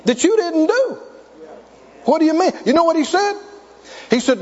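Emphatic male preacher, high animated voice, dull, reverberant recording. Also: normal speed. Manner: storytelling, emphatic, rising to near shouts. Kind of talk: sermon.

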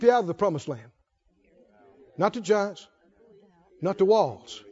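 A man's voice: high-pitched, expressive, a little slow, pauses often, a little mellow, highs cut off. A man preaching a sermon to a congregation, emphatic and drawing out words for weight, asking the listeners questions. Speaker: pastor. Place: church before a congregation.

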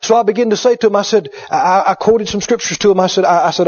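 A high-pitched, middle-aged male preacher delivers a story-driven sermon and hammers phrases home by repeating them. The recording sounds dull and lo-fi. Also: fast talker, darkish tone. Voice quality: emphatic, repetitive storyteller.

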